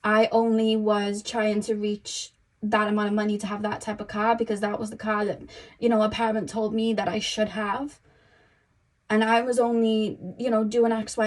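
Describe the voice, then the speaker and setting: A woman's voice: mid-range voice, darkish tone. A young woman giving a casual tarot reading, chatty and rambling, full of "you know" and "um". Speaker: tarot reader.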